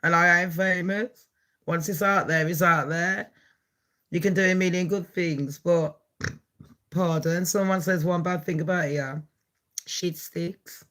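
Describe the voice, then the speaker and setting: Brash foul-mouthed woman with a bright voice. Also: lowish voice, steady tone, measured pace. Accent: Birmingham. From England. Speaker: gossip channel host. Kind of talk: casual gossip vlog.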